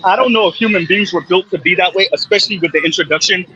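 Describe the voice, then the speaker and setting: Male host, panel talk, emphatic and repetitive, bright and a bit husky, lo-fi call sound. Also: sits high, fast, dry recording. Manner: emphatic, repeats words when cutting in. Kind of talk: casual panel discussion. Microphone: remote call microphone. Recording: muffled lo-fi call audio.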